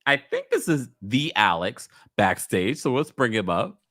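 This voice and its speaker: Man, New York accent, livestream host, bright tone, lively swooping voice, dry close sound. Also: medium pitch, measured pace, no room sound. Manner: laughs often, reads viewer comments aloud. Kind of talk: casual live-stream call-in chat.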